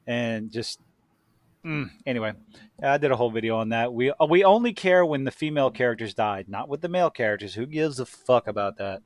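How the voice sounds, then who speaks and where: A man's voice: medium pitch, expressive, fairly quick, dry recording. A man co-hosting a casual podcast chat, crude and ranting, laughing easily. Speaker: podcast co-host.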